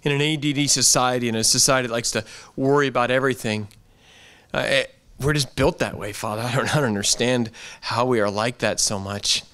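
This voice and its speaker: A man preaches in a church with a voice of ordinary middle pitch. His delivery is earnest and conversational, and he circles back over the same phrases again and again. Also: a little fast, a bit bright, clear, resonant tone. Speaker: pastor. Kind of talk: sermon.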